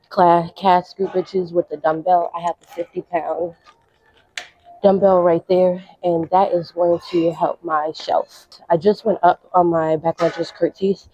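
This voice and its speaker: A woman's voice: lowish voice, mellow, no room sound, highs cut off. A young woman casually explaining her workout routine while exercising, chatty and out of breath. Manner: chatty, coaching, slangy. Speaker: fitness vlogger.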